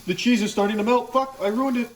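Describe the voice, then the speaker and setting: A man's voice: very high voice, quick pace, a crowd in the background, rough recording. A man narrating his own cooking video in a dry, sarcastic and blunt way.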